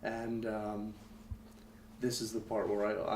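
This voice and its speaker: A man's voice: on the low side, completely flat delivery, slow pace, darkish tone. Candid young man, echoey room. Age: young adult. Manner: candid, rambling, heavy with fillers. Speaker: podcast guest. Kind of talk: personal storytelling in conversation. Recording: roomy echo, faint background noise.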